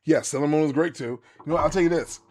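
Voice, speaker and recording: A man, chatting casually to viewers while streaming a game, rambling and animated with many restarts. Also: on the high side, quick pace. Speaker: gaming streamer. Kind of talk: casual live-stream chat while playing.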